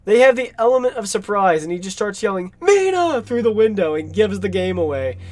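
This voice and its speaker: The same kind of film commentary comes through close and dry, without any room sound: an enthusiastic, talkative voice swooping in pitch over movie clips. He's chatty and loose, frequently breaking into laughter.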